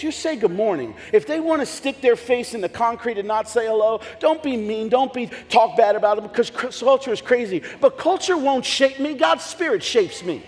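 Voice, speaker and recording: Brief: male pastor, high voice, joking storyteller with shouted bursts, long echo in a church hall, faint music. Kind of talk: sermon. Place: church sanctuary.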